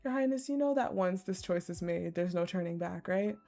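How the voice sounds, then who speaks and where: A woman reading a loyal female royal guard's lines in a grave, measured way. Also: lowish voice, lively intonation, mellow, pitched below the performer's own voice. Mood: solemn.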